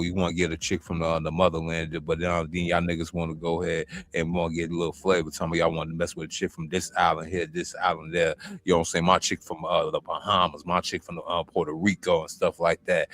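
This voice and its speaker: A man on a live panel, riffing slangily with drawn-out phrasing. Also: deep voice, fairly bright tone, no echo.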